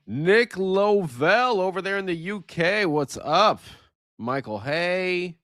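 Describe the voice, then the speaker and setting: Brief: unhurried man, co-host of a live hockey-fan podcast, joking and chatty, lively swings in pitch, dry close mic. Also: clear, resonant tone, no echo. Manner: laid-back, joking, greets chat viewers by name. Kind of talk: late-night live sports podcast chat.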